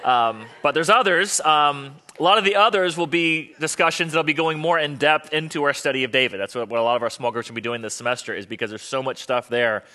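A man's voice: on the high side, brisk, few pauses, bright, forceful tone. A man preaching a sermon as pastor, talking conversationally and joking with the congregation.

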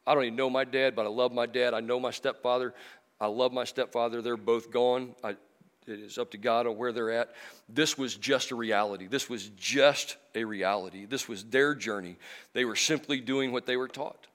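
A middle-aged man preaching a sermon in church, emotional, moving from loud emphasis to soft, slow passages. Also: medium pitch, steady tone. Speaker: pastor.

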